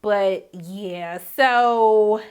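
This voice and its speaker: A woman's voice: medium pitch, extremely slow, a little mellow, clear, resonant tone. A woman giving a casual TV episode recap, sassy and blunt, with slangy asides.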